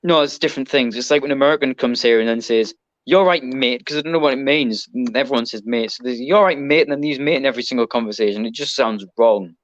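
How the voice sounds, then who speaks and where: A man's voice: mid-range voice, fast, few pauses, no echo, lo-fi sound. A man with an English accent, a podcast guest, chatting casually and rambling with lots of ums and restarts. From Britain. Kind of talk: casual chat.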